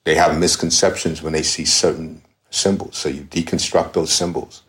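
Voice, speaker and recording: A man's voice: a bass voice, fairly even intonation, normal speed, fairly bright tone. A man speaking as a podcast guest in a reflective, conversational way, often restarting his phrases.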